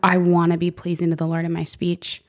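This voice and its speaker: Low-voiced woman, earnest and reflective. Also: completely flat delivery, a little fast, darkish tone. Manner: earnest, reflective, quotes scripture. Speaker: podcast co-host. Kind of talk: faith-based conversation.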